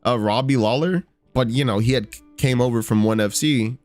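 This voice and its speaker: A man's voice: medium pitch, brisk, darkish tone, soft background music. Rambling profane man, casual commentary. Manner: rambling, profane, frequent fillers and restarts. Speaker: podcast host.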